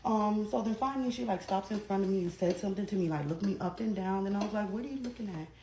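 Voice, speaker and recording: Brief: woman vlogger, storytime, profane and lively, in an echoey room with faint noise. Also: fast talker. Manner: animated, profane, swings between loud bursts and low asides. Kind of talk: casual storytime chat.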